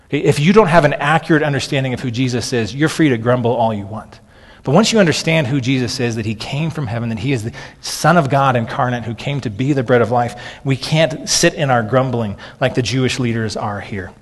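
A pastor in his thirties preaches to his congregation in a loose, conversational way, stumbling over words and leaning on "okay." His voice sits at an ordinary middle pitch. It rings out with a long reverb tail, as in a large hall. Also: a little fast. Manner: conversational, frequent "okay" and restarts. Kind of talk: sermon.

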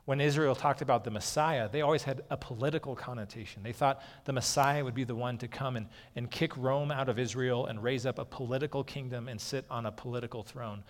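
A man's voice: medium pitch, steady tone, brisk, few pauses. A man giving a sermon in a casual, talking-it-through manner, his mid-range voice carried on the long reverb of a large hall. He often checks in with the listeners by saying "okay". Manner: conversational, frequently saying "okay". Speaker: pastor.

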